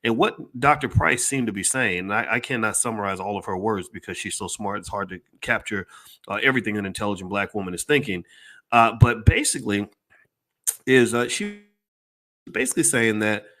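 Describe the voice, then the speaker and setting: A man's voice: on the low side, a little fast, pushed and bright. A man giving an impassioned speech to a live audience, talking emphatically, repeating himself and asking the crowd whether they follow. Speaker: speaker addressing a live audience.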